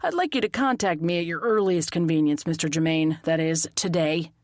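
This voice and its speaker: A woman voicing a stern, dogged male police detective who speaks in a formal, measured, firm way. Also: low-pitched, no room sound, clean studio sound, natural voice.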